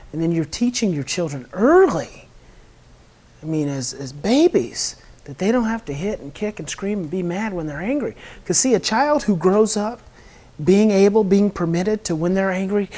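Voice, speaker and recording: A woman's voice: lowish voice, mellow. A woman guest in an interview explaining parenting in an earnest, repetitive way. She acts out a child's angry outbursts and a parent's soothing words. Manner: earnest, repeats words and restarts often.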